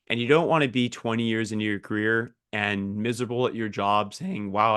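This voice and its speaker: Male podcast co-host, lowish voice, dry close sound, earnest and motivational. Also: a bit bright, dry recording. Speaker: podcast co-host, sales engineer. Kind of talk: casual podcast chat.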